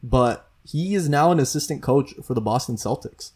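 A man co-hosting a podcast, talking about basketball in a confident, opinionated way and quick to push back. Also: medium pitch, lively intonation, a little mellow, breathy edge. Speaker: podcast co-host. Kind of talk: casual sports chat.

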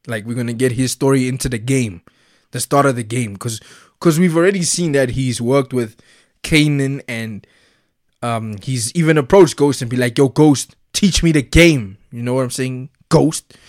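A man chatting casually as a vlogger, excitable and slangy, laughing often. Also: mid-range voice, moderate pace, no echo, studio quality. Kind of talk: casual chat.

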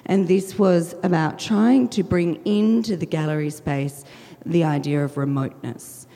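A woman gives a public talk as a curator, her voice croaky and husky. She sits very low in pitch with a dark, mellow tone, and a long reverb trails behind her in the lecture hall. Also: fairly even intonation. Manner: measured, with frequent ums. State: hoarse, croaky voice.

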